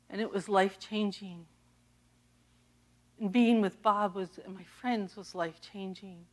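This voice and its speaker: A middle-aged woman pastor from the US East Coast giving a personal testimony sermon, animated and laughing often as she tells the story. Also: medium pitch, a little slow, pauses often. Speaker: associate pastor.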